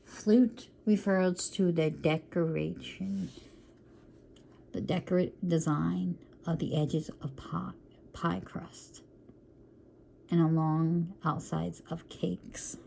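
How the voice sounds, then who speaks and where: Low, gravelly-voiced woman chatting slowly. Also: warm tone, slight background noise. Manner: chatty, calls viewers y'all, apologetic asides; talks to herself while working. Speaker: crafting vlogger. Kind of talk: casual chat while diamond painting.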